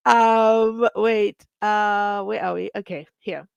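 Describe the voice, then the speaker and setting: A woman's voice: medium pitch, steady tone, drawn-out words, vocal fry, clean tone, no room sound. A woman hosts a casual live stream, chatting and reading viewer comments aloud with frequent laughs.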